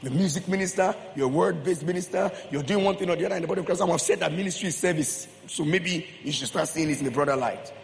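A man's voice: a little high, fast talker, creaky, hardly any pauses, a little hiss or hum. A man preaching a sermon as pastor, emphatic, repeating phrases and questioning the congregation. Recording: long hall reverb, faint room ambience.

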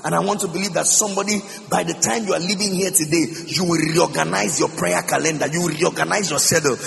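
A man's voice: fairly high pitch, steady tone, fast, vocal fry, few pauses, fairly bright tone. A man preaching a sermon as pastor, emphatic, repeating phrases and singing some lines out. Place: church hall. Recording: reverberant hall with music behind.

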